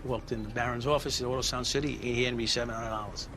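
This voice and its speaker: A man's voice: mid-range voice, fairly even intonation, fast. Blunt, swearing New man. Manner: blunt, heated, heavy swearing. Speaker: former police officer. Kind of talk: candid interview storytelling. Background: music.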